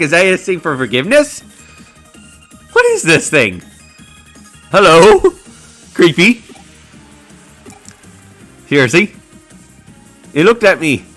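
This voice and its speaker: A man playing a video game and chatting through it casually, reading the on-screen dialogue aloud in an animated way, with game music underneath. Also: a little high. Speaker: let's play gamer. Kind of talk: casual gameplay commentary.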